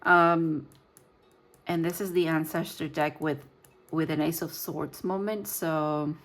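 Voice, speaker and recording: A woman's voice: low-pitched, steady tone, slow. A woman giving a casual tarot reading, rambling and searching for her words with frequent fillers. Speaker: tarot reader.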